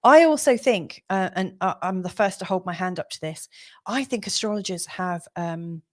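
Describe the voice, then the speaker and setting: A woman's voice: on the low side, normal speed. A middle-aged woman hosting a live astrology show, chatting casually with many ums and apologies. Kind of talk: casual livestream chat.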